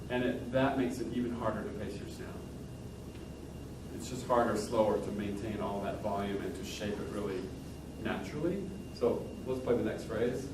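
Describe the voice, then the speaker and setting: A man's voice: fairly low pitch, normal speed, background noise. A man coaching a pianist in a master class, encouraging and demonstrating at the piano as he talks. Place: room with a piano. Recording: roomy sound from a distant mic with loud piano.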